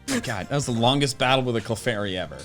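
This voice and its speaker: A man's voice: medium pitch, quick pace, fairly bright tone, faint music behind. A young man co-hosting a casual gaming chat, easygoing and rambling with lots of fillers. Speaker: co-host of a gaming channel.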